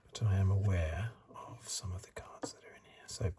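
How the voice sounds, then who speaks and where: A middle-aged man hosting a soft-spoken ASMR card review, rambling in asides and drifting into whispers, recorded close to the mic. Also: low voice, steady tone, normal speed. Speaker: ASMR channel host.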